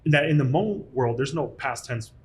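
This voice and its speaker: A man in his thirties hosts a casual podcast chat. He tells his stories with animated energy and pokes fun at himself. His voice sits at an ordinary middle pitch. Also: normal speed. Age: 30s. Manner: animated, self-deprecating storyteller. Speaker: podcast host.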